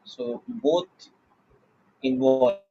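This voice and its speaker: A man with an Indian English accent teaching a physics class, explaining slowly and checking in with "okay" often. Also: warm tone, lo-fi sound. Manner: slow, deliberate explaining with frequent "okay" checks. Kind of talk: classroom lecture.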